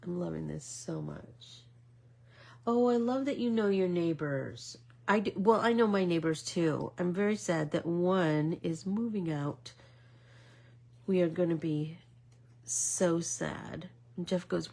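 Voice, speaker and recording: A middle-aged woman vlogger chatting casually as she makes art, telling a rambling story with many fillers and now and then dropping to a soft whisper. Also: on the low side, takes it slowly, gravelly. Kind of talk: casual chat while making art.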